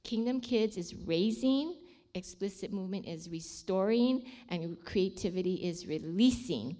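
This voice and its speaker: Woman sharing a heartfelt faith story, mid pitch, drops to hushed tones for emphasis. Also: lively intonation, a little slow. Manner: emotional storytelling, dropping to near-whispers at dramatic points. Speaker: ministry leader sharing a testimony. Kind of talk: personal faith testimony.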